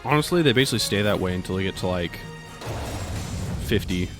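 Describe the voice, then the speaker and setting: A man's voice: deep voice, lively intonation, a little fast, music in the background. A man hosting and co-commentating a fighting game tournament in a laid-back, dry-humored way. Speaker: tournament host. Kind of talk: casual esports commentary.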